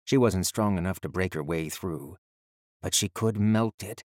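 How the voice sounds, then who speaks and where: A man narrating an audiobook in a steady, measured storytelling manner. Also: deep voice, no room sound, studio quality.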